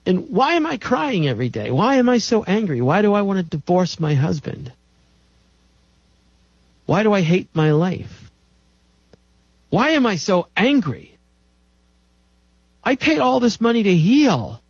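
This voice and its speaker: A man's voice: high-pitched, sing-song, a little slow, pauses often, husky, dry recording, full character voice. A man voicing an exasperated woman patient who is worn out by a long detox and complains in a string of whiny questions. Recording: dull dry recording.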